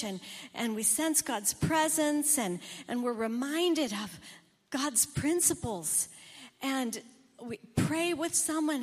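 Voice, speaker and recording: Slow-speaking woman pastor preaching. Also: a little high, long reverb tail. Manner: earnest, storytelling. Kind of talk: sermon.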